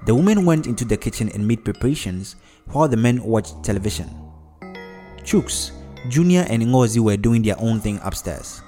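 Male narrator, steady mid-range storybook read. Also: mid-range voice, normal speed, soft background music. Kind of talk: storybook narration with character voices.

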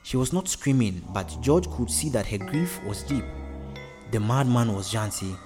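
Male narrator reading a story, steady and even, faint music behind. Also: mid-range voice, moderate pace.

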